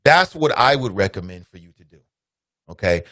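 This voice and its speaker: A man's voice: fairly low pitch, very animated, normal speed, a bit bright, no echo, studio quality. A man with a Cincinnati accent hosting a call-in radio show, lecturing listeners as family. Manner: preachy, addresses listeners as family. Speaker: radio talk show host. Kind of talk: call-in talk radio monologue.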